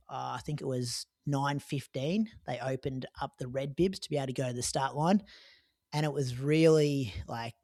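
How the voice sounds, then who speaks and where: A man's voice: mid-range voice, a little mellow, dry recording, studio quality. A man with an Australian accent, chatting on a running podcast and recounting a marathon with loose, filler-heavy storytelling. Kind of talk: casual podcast chat.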